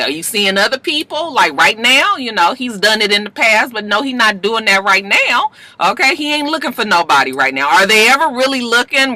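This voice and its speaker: A woman casually recapping a TV episode in a vlog, animated and profane, acting out the characters' lines. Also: medium pitch. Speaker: TV episode reviewer.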